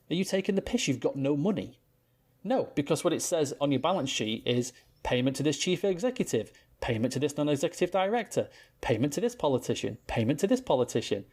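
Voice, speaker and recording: A British man co-hosting a podcast, talking in a sweary, animated rant. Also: a little high, breathy edge. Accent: British English. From Britain. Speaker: podcast co-host. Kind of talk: casual chat.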